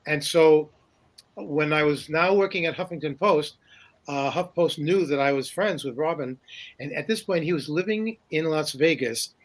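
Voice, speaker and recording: Older man telling stories, slightly high voice. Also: a bit bright. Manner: rambling, with many fillers and restarts; chuckles often while telling stories. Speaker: guest, paranormal journalist. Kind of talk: casual interview storytelling.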